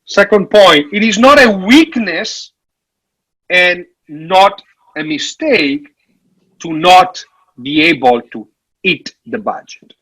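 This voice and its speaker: Man, unhurried delivery, frank and joking, workshop presenter. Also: high-pitched, animated, pushed and bright, slightly rough, poor audio. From Italy. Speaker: workshop speaker on parish finances. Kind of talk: conference presentation.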